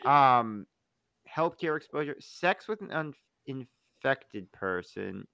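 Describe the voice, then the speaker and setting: Brief: male podcast co-host, loose and jokey, animated pitch, dry close mic. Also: takes it slowly, vocal fry, clear, resonant tone, no room sound. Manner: rambling, jokey, slips into silly impressions. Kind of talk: casual chat about a TV show.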